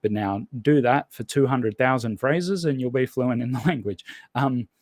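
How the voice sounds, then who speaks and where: A man's voice: mid-range voice, moderate pace, darkish tone, dry recording. A man as a podcast guest in casual conversation, rambling and thinking aloud with lots of restarts. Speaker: podcast guest, language learner.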